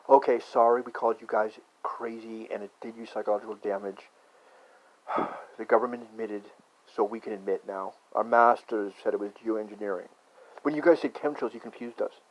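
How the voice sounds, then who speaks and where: A man in a rambling, profane conspiracy rant that swings from muttering to shouting. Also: mid-range voice. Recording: dull lo-fi recording.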